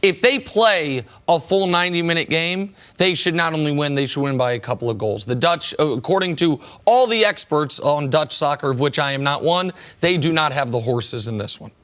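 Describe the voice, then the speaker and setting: A confident man on a sports debate show rattles off numbers and predictions. His voice sits a little higher than most men's. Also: expressive, fairly bright tone. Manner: brisk and confident, rattles off stats.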